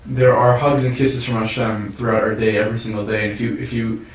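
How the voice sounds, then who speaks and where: A man's voice: on the low side, flat delivery, a little fast. A man co-hosting a show, talking in an earnest, reflective way and repeating words as he thinks. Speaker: podcast co-host. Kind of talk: casual chat. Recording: roomy sound from a distant mic.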